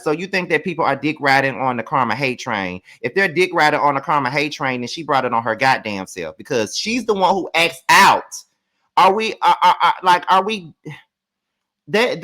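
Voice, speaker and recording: A man's voice: fairly high pitch, pushed and bright. A man from Mississippi, recapping a reality show in sassy, profane, emphatic rants. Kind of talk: casual ranting commentary.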